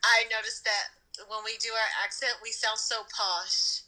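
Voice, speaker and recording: A woman's voice: a little high, fairly even intonation, unhurried, sharp tone, poor audio. A woman co-hosting a podcast in casual chat, speaking bluntly with slang. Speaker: podcast co-host.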